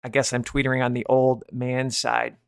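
A man in his fifties who hosts a watchman ministry podcast gives an earnest, confessional testimony in a casual religious vein, his words trailing off quietly. His gravelly, medium-pitched voice is monotone yet clear and resonant, at a moderate pace. The sound is clean studio audio with no echo.

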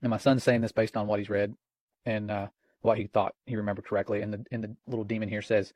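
A man's voice: fairly low pitch, flat delivery, fast talker, a little mellow, no echo. Earnest middle-aged man, dry sound. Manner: earnest and alarmed, reads chat quotes aloud. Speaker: co-host of a Christian watchman podcast. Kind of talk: casual religious commentary.

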